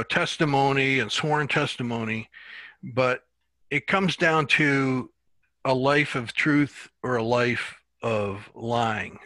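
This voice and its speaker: Teaching a Bible class, a man with a medium-pitched voice speaks in a relaxed, halting manner, often repeating words while he thinks. The recording has no room sound.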